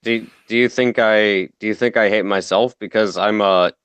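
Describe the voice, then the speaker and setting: A man's voice: fairly low pitch, steady tone, fairly bright tone, clean tone, no room sound, dull audio. A man in casual online chat, arguing his point at length with swearing, from a home mic. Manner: measured, drawn-out argument with swearing.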